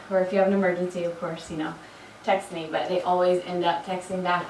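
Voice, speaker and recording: A woman's voice: on the low side, level tone, moderate pace. Woman fitness coach, chatty rep-counter, a touch froggy, recorded from a distance in a noisy, echoey room. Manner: encouraging, chatty asides between counted reps. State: frog in her throat. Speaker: fitness instructor. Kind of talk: workout instruction with rep counting. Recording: echoey room, mic far off.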